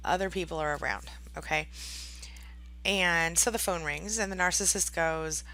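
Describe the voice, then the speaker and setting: Chatty woman coach with gravelly voice. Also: lowish voice, normal speed, bright, forceful tone. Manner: chatty, tags sentences with "right?" and "okay?"; acts out quoted voices dramatically. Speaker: online coach for abuse survivors. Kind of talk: direct-to-camera advice talk.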